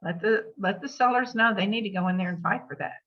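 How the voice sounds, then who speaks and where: A woman giving a plainspoken legal update to real estate agents. She takes their questions, pausing with fillers and adding emphatic asides. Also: mid-range voice. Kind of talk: briefing with answers to questions. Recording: dull lo-fi meeting recording.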